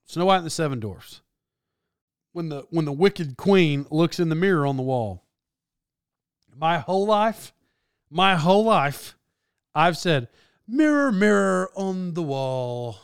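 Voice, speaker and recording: Man, fairly high voice, clean and dry; rambling casual host, lots of restarts. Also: measured pace, pauses often, smooth, no echo. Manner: rambling, self-correcting, animated. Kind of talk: casual monologue.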